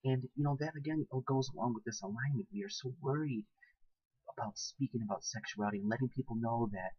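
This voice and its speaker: A man's voice: mid-range voice, fast talker, breathy edge, no room sound, dull audio. A young man in a casual, blunt and profane monologue to camera who laughs often. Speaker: vlogger.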